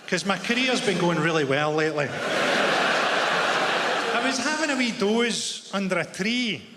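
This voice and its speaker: Glaswegian guy doing deadpan standup, fairly high voice, big echoey theatre, noisy crowd hum. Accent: Glaswegian Scottish. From Glasgow, Scotland. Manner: deadpan, dry one-liners. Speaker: stand-up comedian. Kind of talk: stand-up comedy set. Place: large theatre stage. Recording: reverberant theatre hall with audience noise.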